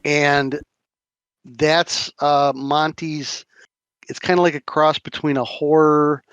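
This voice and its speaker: A man's voice: on the high side, flat delivery, slow pace, a bit bright, smooth, no room sound, highs cut off. Rambling man in casual podcast chat. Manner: rambling, with many restarts and fillers. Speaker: podcast host. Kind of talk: casual chat about tabletop games.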